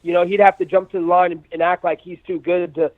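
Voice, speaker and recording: Brash fighter in his thirties, trash-talking by phone, high voice, tinny and dry line. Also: little pitch movement, fast, no echo. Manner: brash, profane trash talk; acts out quotes in raised voice. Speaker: MMA fighter, guest. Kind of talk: phone interview.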